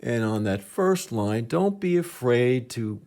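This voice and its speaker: A man's voice: mid-range voice, lively intonation, slow pace, darkish tone. A man teaching a piano lesson step by step, patiently counting beats aloud as he demonstrates, with piano notes behind him.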